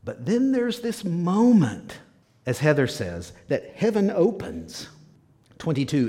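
A man's voice: fairly high pitch, big pitch swings, slow pace, dark tone. A man preaching a sermon as pastor, emphatic and repetitive, sometimes dropping to a near whisper. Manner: emphatic, repeats key words, drops to a whisper at times.

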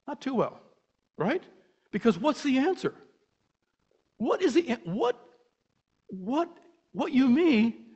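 An older man teaching a Bible class in a casual, animated way, asking many rhetorical questions and breaking off mid-sentence. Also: sits high, husky. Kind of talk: informal Bible teaching talk. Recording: muffled lo-fi recording.

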